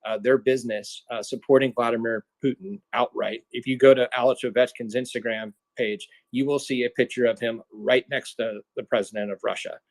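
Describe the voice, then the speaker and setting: An American man speaking in a live audio chat, giving an earnest, measured opinion. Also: mid-range voice, steady tone, creaky, dry recording, rough recording. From United States. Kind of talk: casual live audio discussion.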